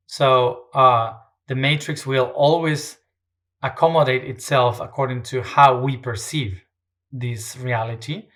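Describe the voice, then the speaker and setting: A man's voice: medium pitch, fairly bright tone. A man speaking as an interview guest, talking in a reflective, hesitant way with many fillers and restarts.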